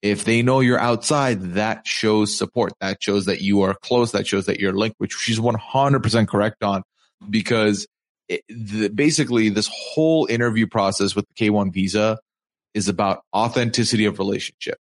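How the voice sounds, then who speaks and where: A man with a voice on the low side co-hosts a podcast at normal speed, recapping events in casual chat. He tells it like a story, quoting people in conversational asides as he goes.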